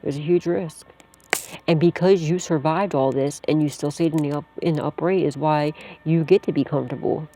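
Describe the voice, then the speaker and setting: A woman with a deep, steady voice gives a casual psychic tarot reading at a moderate pace over a noisy background. She speaks straight to the listener in a blunt, slangy way, swearing freely while reassuring them.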